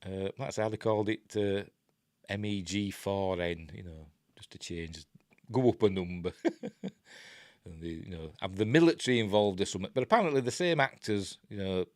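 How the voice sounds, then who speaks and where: Older yorkshire bloke, lowish voice, rambles and chuckles through a movie review. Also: male voice, normal speed, darkish tone, no room sound, studio quality. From Yorkshire, England. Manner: rambling, chatty, self-interrupting; wry asides with chuckles. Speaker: film reviewer host. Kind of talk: casual film review chat.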